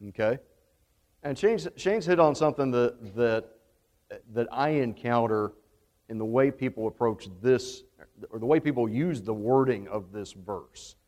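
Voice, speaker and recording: Speaking a little slowly in a medium-pitched, darkish voice, a Southern US man leads Bible study and asks the class questions in a casual way. The church classroom session is streamed online too, and the audio carries long hall reverb.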